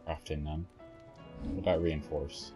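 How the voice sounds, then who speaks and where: Low-voiced streamer muttering over gameplay. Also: male voice, level tone, unhurried, mellow, soft background music. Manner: mumbling, swearing, thinking aloud. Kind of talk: casual gameplay commentary.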